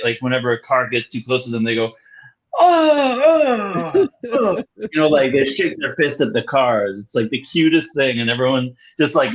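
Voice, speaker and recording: A man in casual chat who tells stories in a chatty, animated way. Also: mid-range voice, dull audio. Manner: chatty, storytelling.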